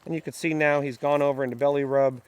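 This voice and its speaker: A man's voice: on the high side, level tone, fast, smooth, dry recording. A man working as a dog trainer, explaining a training session in an upbeat, explanatory way and talking to the dog as he goes. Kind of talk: instructional training vlog.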